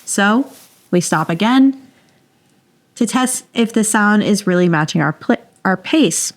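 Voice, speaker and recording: A woman's voice: medium pitch, expressive, measured pace. A woman with a mid-range voice reads a listener's story aloud on a podcast. Her reading is playful and dramatic, and she laughs easily between lines. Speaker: podcast co-host.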